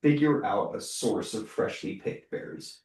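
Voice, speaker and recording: A man's voice: medium pitch, a little slow, darkish tone. A man playing a tabletop game, hesitantly thinking aloud through spell rules. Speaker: player. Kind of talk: casual game banter. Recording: roomy, distant mic.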